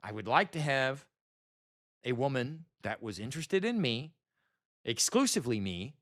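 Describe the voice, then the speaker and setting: In a slightly high, somewhat bright voice, a thirtysomething male vlogger rants at the camera. He sounds bitter and exasperated, swearing heavily and saying the same things over as he vents.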